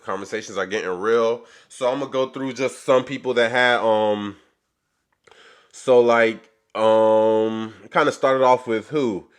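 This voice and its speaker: A man talks straight to his channel's viewers in a casual review of a reality show. He rambles through the story in loose, slangy chat. His voice sits at an ordinary middle pitch. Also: a bit bright. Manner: rambling, chatty retelling with slang.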